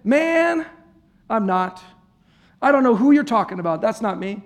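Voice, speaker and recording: A man's voice: expressive, measured pace. A man voicing a panicked male disciple who insists he does not know anyone, protesting in a flustered way. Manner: flustered, high and loud protest.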